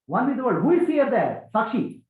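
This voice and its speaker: A man giving a spiritual talk to a gathering, animated and questioning, repeating key phrases. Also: very high voice, a little fast. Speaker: spiritual teacher. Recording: echoey, tinny phone-like sound.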